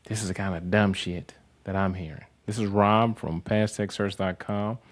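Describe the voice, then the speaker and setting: A man with a fairly low voice talks straight to camera as the host of a tech career channel. He delivers a blunt motivational monologue, swears freely and mocks the people he describes, his voice jumping higher whenever he acts out the conversations. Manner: profane, animated, mocking.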